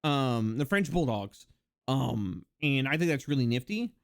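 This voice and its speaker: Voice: medium pitch, sing-song, measured pace. A livestreamer in casual chat, rambling and joking with many fillers and laughs.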